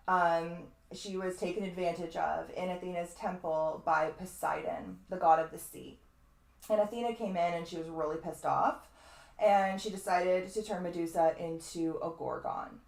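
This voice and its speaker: A woman's voice: lowish voice, moderate pace, vocal fry, darkish tone, echoey room. A woman astrologer giving a casual, rambling lecture in a webinar, full of asides and the odd swear word. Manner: chatty, digressive, fond of asides and mild swearing.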